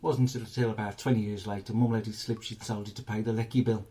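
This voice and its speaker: A man's voice: lowish voice, flat delivery, fast, dark tone, a little hiss or hum. A man hosting a comic film club, retelling film plots in a crude, rambling, sweary way. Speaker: comedy film club host. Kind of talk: comic film review monologue.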